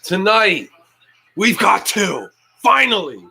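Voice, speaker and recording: A young man hosting a livestream, casually reacting to a live football game, reading chat aloud and yelling at big plays. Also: high-pitched, big pitch swings, slow pace, gravelly, slightly rough, low-quality recording. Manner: casual, slangy. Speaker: livestream host.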